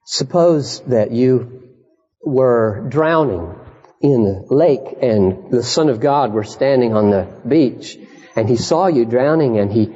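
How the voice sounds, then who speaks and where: A man preaching an impassioned sermon, swinging from high urgent cries to hushed storytelling. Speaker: pastor. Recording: dull, echoey 1980s church sermon recording.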